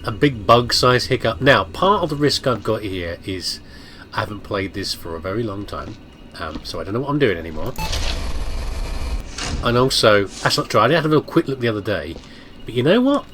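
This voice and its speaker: A man's voice: lowish voice, big pitch swings, fairly quick, a bit bright. A man giving casual, self-mocking commentary while playing a video game, chatting to his viewers and to the objects on screen. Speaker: let's play gamer.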